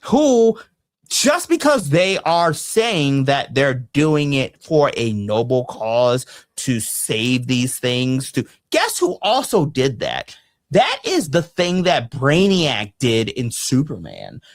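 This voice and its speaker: A podcast co-host ranting passionately and with plenty of swearing in a casual discussion, their voice going hoarse. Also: mid-range voice, big pitch swings, takes it slowly, dry recording. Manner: impassioned, profane ranting. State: losing voice.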